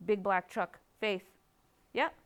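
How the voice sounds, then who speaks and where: A woman's voice: medium pitch, takes it slowly, clean tone. A woman from Canada giving an emotional personal testimony, speaking rawly with repeated phrases. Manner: raw, emotional, repetitive phrasing. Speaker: speaker sharing her recovery story.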